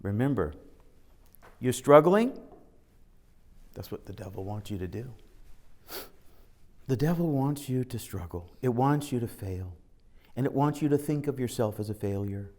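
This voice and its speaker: A man's voice: medium pitch, lively intonation, a little slow, pauses often, a little mellow. A man giving an informal spiritual talk, telling stories and acting out the dialogue, sometimes reading scripture aloud. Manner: conversational storytelling, acting out dialogue. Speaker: spiritual teacher.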